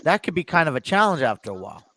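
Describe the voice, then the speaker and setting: A man's voice: fairly high pitch, big pitch swings, very fast, background noise. A man hosting his own sports talk podcast from a home studio, chatting casually with many fillers and restarts, a bit stuffy. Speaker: podcast host. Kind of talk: casual chat.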